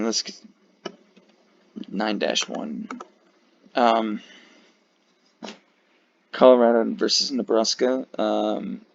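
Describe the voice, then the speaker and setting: A weary video creator ranks flags in a rambling, casual commentary full of fillers and the occasional curse. His voice is low and creaky, recorded on a dull lo-fi mic.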